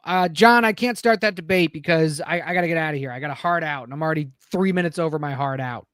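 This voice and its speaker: A man co-hosting a casual podcast, hurried and argumentative, apologizing that he has to wrap up. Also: a little high, fairly bright tone, smooth, no room sound, clean studio sound. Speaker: podcast co-host.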